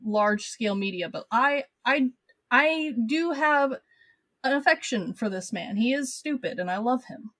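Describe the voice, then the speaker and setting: Woman guest, higher voice, dry close sound, thoughtful and quick to laugh. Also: expressive, a bit bright, dry recording. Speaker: podcast guest. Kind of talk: casual chat.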